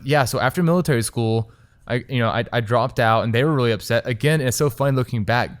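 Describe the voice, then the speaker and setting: A young man, telling his story as a restaurant owner in a lively, casual interview, filling his talk with "like". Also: medium pitch, clear, resonant tone, no echo, clean studio sound. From Texas. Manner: animated, quick storytelling full of "like". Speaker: restaurant owner and chef, guest.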